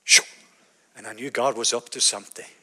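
A Norwegian man in his fifties with a Norwegian accent, preaching a sermon as an animated storyteller. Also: medium pitch, a little fast, husky. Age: 50s. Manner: animated storytelling, acting out his own quoted words.

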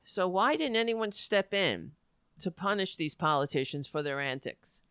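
A woman hosting a live talk show, rambling emotionally and close to tears, often trailing off into quiet murmurs. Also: lowish voice, expressive, moderate pace, clean tone, no echo. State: near tears. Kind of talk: casual on-air monologue.

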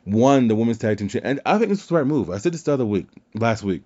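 A man's voice: mid-range voice, lively intonation, fast, a little mellow. A man hosting a wrestling podcast in casual chat, rambling and swearing freely. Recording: dull lo-fi sound.

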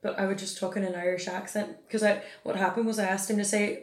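A woman's voice: medium pitch, little pitch movement, fast. A woman in her twenties co-hosting a podcast, with a wry, joking, teasing manner. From United States. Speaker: podcast co-host. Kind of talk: casual chat. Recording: roomy echo.

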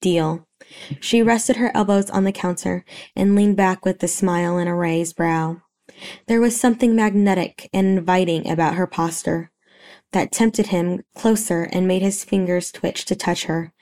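A woman narrating a romance story in a steady, even reading voice. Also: lowish voice, moderate pace.

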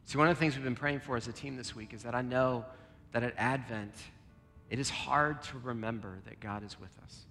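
An earnest male pastor preaches and prays, pressing some words hard and dropping others to a hushed near-whisper. His voice sits at an ordinary middle pitch and trails a long reverb through a church hall. Soft guitar plays underneath. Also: brisk, creaky. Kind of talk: sermon and closing prayer.

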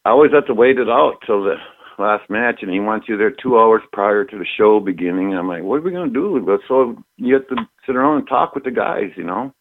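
Low-voiced man on a tinny phone line. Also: brisk, gravelly. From Minnesota, US. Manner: rambling, repeats phrases, laughs often. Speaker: former pro wrestler, guest. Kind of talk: casual storytelling interview.

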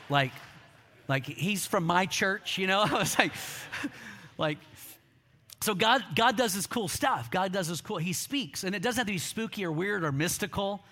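A middle-aged man preaches with a notably high, bright voice. He tells stories, slips into quoted voices, and calls on the congregation to answer back. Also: normal speed. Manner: storytelling with quoted voices, call-and-response. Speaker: pastor. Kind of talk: sermon.

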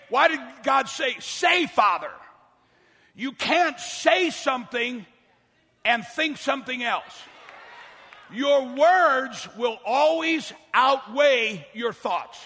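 An older male pastor delivers a fiery sermon, often shouting and racing through quick asides. His voice sits high and bright, cutting through the long reverb of a big church hall. A congregation can be heard faintly behind him. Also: breathy edge. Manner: preaching loudly with fast asides, often shouting.

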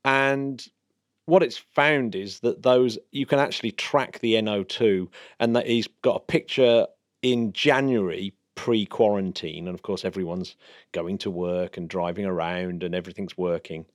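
A man's voice: fairly low pitch, normal speed, no room sound, studio quality. A man co-hosting a podcast in casual, enthusiastic, jokey chat. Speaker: podcast co-host.

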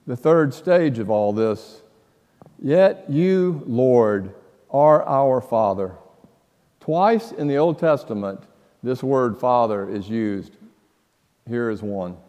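A male pastor delivering a sermon at an unhurried, deliberate pace. His voice carries a long reverb from a church sanctuary. He tells stories dramatically, shifting between quiet hushes and loud outbursts. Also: mid-range voice. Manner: slow, dramatic storytelling with sudden loud outbursts and hushed passages.

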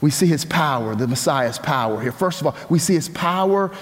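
A pastor preaching a sermon, with animated, emphatic delivery that climbs high and loud to stress his points. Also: fairly quick. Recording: long hall reverb.

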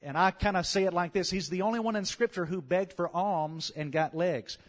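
A man with a Louisiana Southern accent preaching a sermon, building his lines up to loud calls and amens. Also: high voice, normal speed. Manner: animated, swells to loud calls of "come on" and "amen".

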